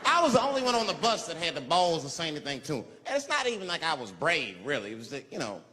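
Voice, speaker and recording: A man performing a profane stand-up set, telling a story with animated delivery and shouted character voices. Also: a little high, quick pace, a little hiss or hum. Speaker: stand-up comedian. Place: large live comedy venue. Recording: live venue reverb, loud crowd laughter.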